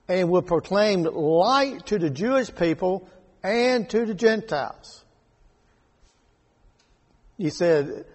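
A man leading a Bible study, reading verses and explaining them slowly and deliberately. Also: sits high, a little mellow, slightly rough. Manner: slow and deliberate, rereading scripture verses aloud. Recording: echoey hall with long reverb.

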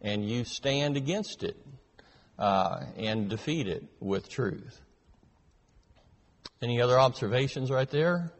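A man leading a Bible class, teaching verse by verse in a measured way with frequent filler pauses. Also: medium pitch, animated, long reverb tail. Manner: measured, hesitant with many fillers.

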